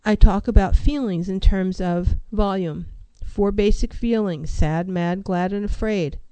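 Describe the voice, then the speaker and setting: A woman counselor speaks in a mellow, warm voice, recorded dry and close. She talks with emphasis, stacking rhetorical questions and repeating her key phrases to drive them home. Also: medium pitch, measured pace, clear, resonant tone, no room sound, poor audio. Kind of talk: motivational talk on mental health.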